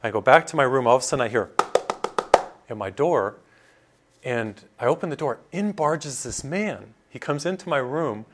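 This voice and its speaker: Middle-aged male priest, conversational storyteller, mid-pitched voice, sermon delivery. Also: normal speed, very noisy. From Massachusetts. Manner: conversational, animated storytelling with asides.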